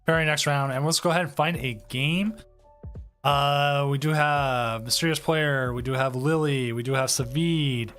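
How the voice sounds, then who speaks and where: Relaxed man co-hosting a card stream. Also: medium pitch, normal speed. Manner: relaxed, hesitant, repeats words. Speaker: stream co-host running the tournament. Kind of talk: casual stream chat. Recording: faint music behind. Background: faint music.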